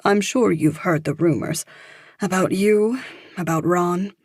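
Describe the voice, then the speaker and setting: A woman voicing a worried adult mother who talks in a soft, earnest, reassuring way in an audiobook. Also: fairly low pitch, unhurried, husky, no echo, studio quality.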